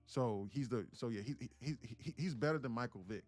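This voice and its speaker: A man's voice: mid-range voice, fairly quick, hardly any pauses, soft background music. A man hosting a casual live trading stream, telling a rambling story in a slangy way. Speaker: day trader and livestream host. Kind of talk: casual livestream chat.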